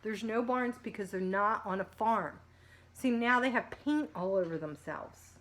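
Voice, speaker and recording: A woman preschool teacher reading picture books aloud to children, animated and sing-song, stopping to talk to the kids between pages. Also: medium pitch, unhurried.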